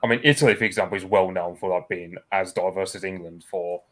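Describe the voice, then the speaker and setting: A man's voice: deep voice, steady tone, fast. A man with a mild Birmingham accent chatting casually on a talk show, rambling with lots of fillers. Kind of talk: casual podcast chat.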